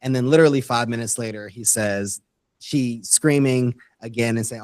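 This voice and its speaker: A man's voice: mid-range voice, normal speed, a little mellow, dry recording. A man who is a guest educator on a podcast interview, earnestly explaining his ideas step by step. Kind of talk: interview conversation.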